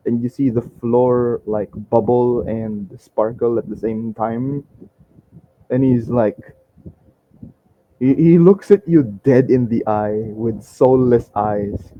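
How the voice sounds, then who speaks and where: Slow-talking male game master. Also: mid-range voice, highs cut off, a little hiss or hum. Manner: rambling, many likes and restarts. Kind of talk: narrating a tabletop game.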